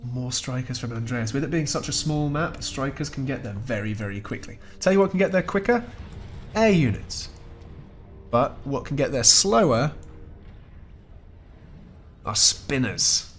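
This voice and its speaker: A man's voice: medium pitch, lively intonation, a little slow, pauses often, soft background music. A man giving chatty, wry play-by-play commentary on a strategy game match as the host, chuckling often. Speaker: esports caster.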